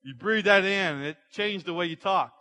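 A man's voice: high voice, moderate pace, sharp tone. A man preaching a sermon to a congregation, building energy with rhetorical questions. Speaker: pastor. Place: church sanctuary.

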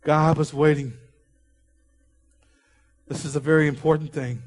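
A man preaching a sermon, telling a story and dropping his voice low for quoted dialogue. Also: steady tone, a little slow, darkish tone, faint music behind. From Oklahoma. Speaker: pastor.

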